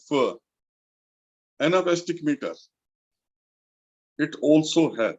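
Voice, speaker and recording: A male college lecturer from India with an Indian English accent, slowly explaining a literature lesson and repeating key terms for emphasis. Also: a little high, lo-fi sound.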